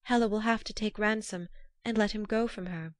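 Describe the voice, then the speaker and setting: A woman's voice: medium pitch, fairly even intonation, brisk, no echo, pitched above the performer's own voice, natural voice. A woman voicing a pale maiden who guards a bridge, speaking formally in old-fashioned, stately phrasing. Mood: solemn. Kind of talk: storybook reading.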